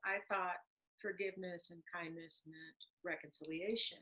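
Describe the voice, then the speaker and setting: A woman hosting a conversation over a video call, telling personal stories in an animated, emphatic way. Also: medium pitch, unhurried, crowd noise, rough recording. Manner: animated storyteller, warm and emphatic. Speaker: host. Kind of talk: conversational interview.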